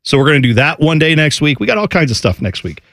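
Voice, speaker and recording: A man hosting sports talk radio, rambling and joking as he goes. He talks quickly with a lively, bouncing pitch. The sound is dry and close. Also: dry recording.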